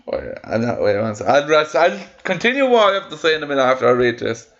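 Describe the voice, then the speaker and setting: A young man reacting to stories he reads aloud, heated and full of swearing. He trips over his words and starts sentences again. His voice sits at a middling pitch and comes through a slightly muffled, lo-fi mic. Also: sing-song, fast, a bit bright. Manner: heated, swearing, stumbling restarts. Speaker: vlogger reading stories. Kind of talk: casual reaction rant.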